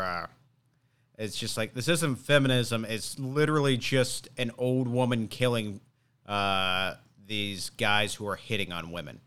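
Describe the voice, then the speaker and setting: Casual young man, smooth voice. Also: mid-range voice, a bit bright. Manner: rambling, hesitant with many fillers. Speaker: podcast host. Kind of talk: casual chat.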